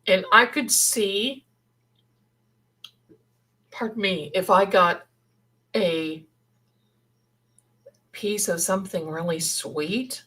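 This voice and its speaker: A middle-aged woman hosts a livestream, speaking extremely slowly with long pauses as she rambles casually and thinks aloud. Her mid-range voice sounds pushed, bright, and slightly rough, and the recording is low quality.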